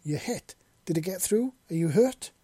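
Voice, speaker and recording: A man voicing an excitable young female Deathclaw in a storybook reading, pitching high and flustered. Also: moderate pace, no echo. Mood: alarmed.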